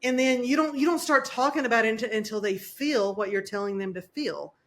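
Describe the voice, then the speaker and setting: A woman hosting a casual podcast chat, laughing often and chiming in with quick agreement. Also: a little high. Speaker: podcast host.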